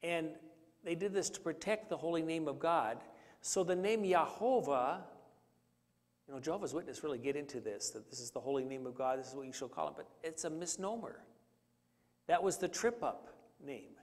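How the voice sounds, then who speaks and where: A man's voice: a little high, lively intonation, normal speed. A man preaching a conversational Bible study, teaching with fillers and questions to the congregation. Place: church sanctuary. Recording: church hall reverb.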